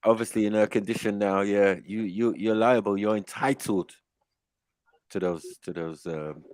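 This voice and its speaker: A man's voice: fairly low pitch, normal speed, a little mellow, no room sound. A man hosting a casual live online panel, slangy and joking, laughing often.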